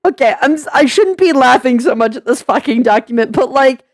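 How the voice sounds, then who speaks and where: Woman vlogger, high voice, sarcastic venting with frequent laughs, dry close sound. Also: expressive, a little fast, dry recording. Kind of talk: venting commentary.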